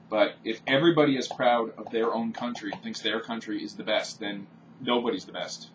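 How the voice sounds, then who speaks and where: Man, profane opinionated rant, mid pitch, far from mic, muffled lo-fi sound. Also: steady tone, brisk, noisy background. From Canada. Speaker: vlogger. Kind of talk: off-the-cuff ranting monologue. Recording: distant, dull home-recorded audio.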